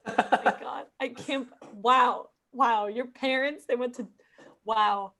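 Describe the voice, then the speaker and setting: A woman performing live improv comedy in a gushing, excitable way. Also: on the high side, takes it slowly.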